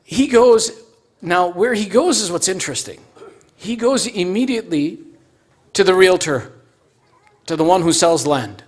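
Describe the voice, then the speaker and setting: A man telling a moral story at a mosque fundraiser in an animated, storytelling way. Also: high voice, measured pace, pauses often. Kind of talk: storytelling sermon.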